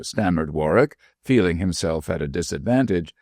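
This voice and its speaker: A man narrating an audiobook in a measured storytelling manner. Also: low voice, animated, creaky, darkish tone, no echo, clean studio sound. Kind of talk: scripted narration.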